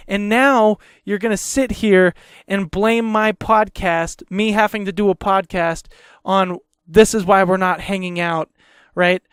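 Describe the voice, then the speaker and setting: A man's voice: high voice, steady tone, unhurried, smooth, no echo, studio quality. A man hosting a podcast, ranting heatedly in a casual, profane way and repeating himself. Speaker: podcast host.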